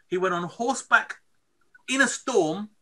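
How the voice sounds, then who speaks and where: A man's voice: sits high, lively intonation, measured pace, sharp tone. A middle-aged man, telling stories expressively as an interview guest and checking in with "okay?" and "right?". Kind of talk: animated storytelling.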